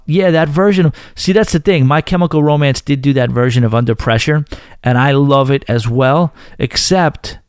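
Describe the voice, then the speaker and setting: A man's voice: medium pitch, clean tone, dry recording, studio quality. A man with a Northern New York accent hosting a podcast, chatting casually and reading listener emails with frequent asides. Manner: chatty, self-deprecating, interrupts emails with asides. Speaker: podcast host.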